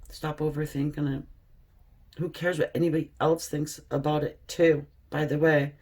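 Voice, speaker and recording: Slow, reflective woman reading tarot. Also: low voice, steady tone. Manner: slow, reflective, reads card texts aloud, chatty asides. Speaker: tarot reader. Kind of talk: casual tarot reading to camera.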